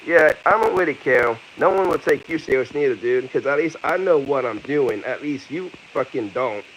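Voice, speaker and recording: A man's voice: mid-range voice, expressive, moderate pace, fairly bright tone, slight background noise, rough recording. A man in his thirties from America, ranting heatedly with lots of profanity and repetition in an angry vlog. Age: 30s. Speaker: vlogger.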